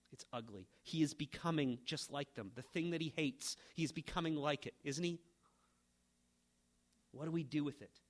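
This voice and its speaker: A middle-aged man preaching a sermon, emphatic, rising to fervent peaks and then dropping to a quiet, low delivery. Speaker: pastor.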